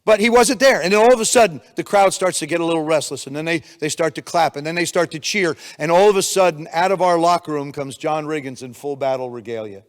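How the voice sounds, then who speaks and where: An older man giving a motivational keynote speech, energetic storytelling with acted-out quotes, in a conference room on a handheld mic. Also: fairly high pitch, quick pace, few pauses. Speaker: keynote speaker. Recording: long reverb of a hall.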